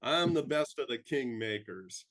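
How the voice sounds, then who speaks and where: A man doing an impression of a big, boastful Texan government official, with a rough attempt at a Texan accent. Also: medium pitch, expressive, a little slow, a bit bright.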